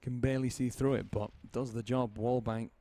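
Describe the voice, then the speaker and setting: A man casting a competitive shooter game match with fast, joking play-by-play commentary. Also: mid-range voice, steady tone, mellow, dry recording. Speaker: esports caster.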